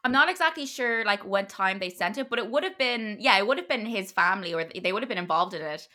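A woman's voice: medium pitch, expressive, fast, sharp tone. A woman casually retelling a history story to her podcast co-host, chatty and loose, with many fillers and restarts.

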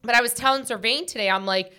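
A woman's voice: a little high, fast talker, sharp tone, smooth. A woman hosting a podcast, talking earnestly in a casual heart-to-heart chat, full of "like" and "right?" fillers. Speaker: podcast host.

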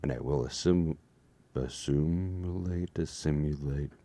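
A man putting on a slow, deep, mock-seductive voice that claims authority and control. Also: dark tone. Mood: mock-commanding.

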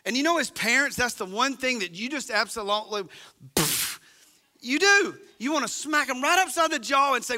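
Pastor, male, high and very bright voice, chatty sermon delivery to the congregation. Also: expressive, normal speed. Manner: conversational preaching, speaks straight to the congregation.

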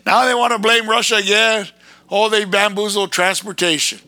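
A man ranting in a fiery, erratic preaching monologue, breaking into sudden shouted bursts. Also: high voice, fairly even intonation, moderate pace, no room sound.

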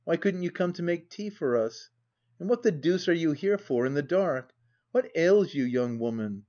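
A man's voice: a little high, lively intonation, normal speed, mellow, highs cut off, lightly acted. A man reading the part of a dissolute husband who blusters, swears and mocks. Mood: insolent. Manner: blustering, mocking.

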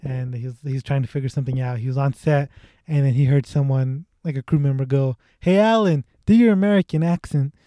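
A man's voice: mid-range voice, level tone, quick pace, mellow, no echo, studio quality. A man casually chatting about movies with a friend, laid-back and joking, swearing now and then.

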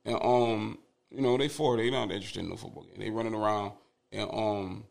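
A young man, a father of twins, telling stories as a podcast guest in a casual, animated, profane way. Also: on the low side, brisk, vocal fry. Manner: animated, profane storytelling with laughter.

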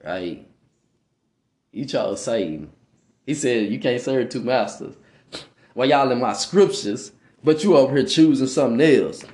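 Man, podcast preacher, slangy street talk, lively swooping pitch, echoey room. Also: measured pace, pauses often. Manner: preachy, repeats "right?", reads aloud with stumbles. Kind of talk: informal religious teaching.

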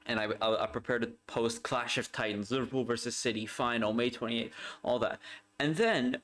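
A young man hosting a solo football podcast in casual talk, excitable and rambling, often repeating himself and laughing. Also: medium pitch, moderate pace.

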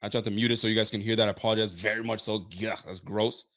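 A man's voice: lowish voice, steady tone, fast, fairly bright tone. Hyped man streaming about football. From Nova Scotia, Canada. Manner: hyped, loose, repeats himself. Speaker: sports fan streamer. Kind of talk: casual livestream chat.

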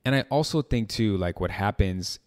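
A man talking in a casual chat, animated and joking, often laughing. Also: on the low side, normal speed, clean tone.

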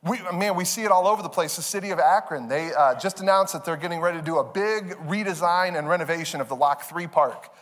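Animated high-voiced pastor. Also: male voice, quick pace, hardly any pauses, big-room sound. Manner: animated, acts out his kids in high voices, laughs often. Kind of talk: storytelling sermon. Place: church stage.

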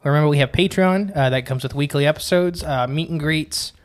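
A man's voice: fairly high pitch, fairly quick. A man co-hosting a casual podcast, talking in a chatty, rambling way with lots of "uh" and "like". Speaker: podcast co-host.

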